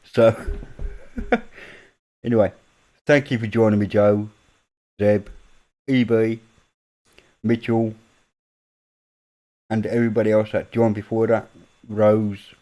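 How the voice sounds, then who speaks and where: Rambling through a casual late-night stream, this host from northern England uses plenty of British slang with his viewers. His lowish, mellow voice is flat and unhurried, and he pauses often.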